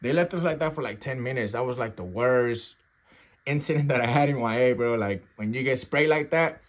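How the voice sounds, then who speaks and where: A man recounts a rough story in loose, slang-heavy talk, checking in with his listeners every few phrases. His voice sits at a middling pitch, and he breaks into sound effects and gasps to act out the moment. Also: a little fast. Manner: slangy, street talk, keeps checking in with "right?" and "bro"; acts out sounds and gasps while telling. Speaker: storyteller recounting his youth custody experience. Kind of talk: casual storytelling to camera.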